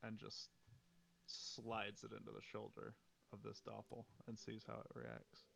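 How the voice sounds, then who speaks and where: A man's voice: lowish voice, completely flat delivery, measured pace, vocal fry, fairly bright tone, slight background noise. A man playing a tabletop game, describing his character's actions in a hesitant, thinking-aloud way. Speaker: player.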